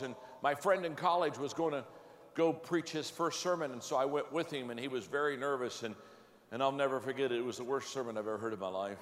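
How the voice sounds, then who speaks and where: A man preaching, telling a folksy, self-deprecating story in an animated way and often restarting his sentences. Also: mid-range voice, in a large hall, slight background noise. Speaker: pastor. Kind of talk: storytelling sermon.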